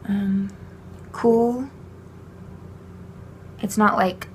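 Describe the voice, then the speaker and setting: Slow, gravelly young woman teaching signs. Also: medium pitch, a little mellow, a little hiss or hum. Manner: chatty, slow, with frequent fillers and small laughs. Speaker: sign language vocabulary teacher. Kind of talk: casual vocabulary walkthrough.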